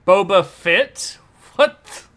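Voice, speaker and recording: Upbeat bright-voiced male streamer. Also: high voice, expressive, drawn-out words. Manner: upbeat, reads chat aloud, laughs often. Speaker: livestream host. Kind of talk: casual livestream chat.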